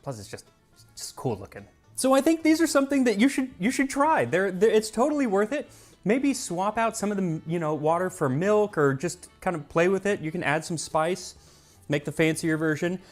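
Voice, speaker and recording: A man's voice: high voice, big pitch swings, normal speed, faint music behind. A man presenting in a played video, casually and enthusiastically recommending a recipe, with frequent restarts. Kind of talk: casual food demonstration.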